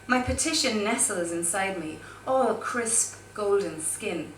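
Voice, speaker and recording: A woman performing spoken word as a guest poet, wry and chatty between pieces, slow and deliberate in her poems. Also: medium pitch, expressive, fairly bright tone, roomy sound, distant mic, slight background noise. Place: pub performance room.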